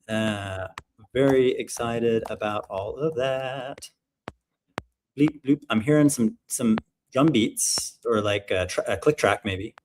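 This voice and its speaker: A man's voice: medium pitch, takes it slowly, darkish tone. Guy in his 30s hosting a video-call showcase, chatty and rambly, lots of ums, bit of hiss behind him. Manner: upbeat, rambling, filler-heavy. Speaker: livestream showcase host. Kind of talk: casual online livestream hosting.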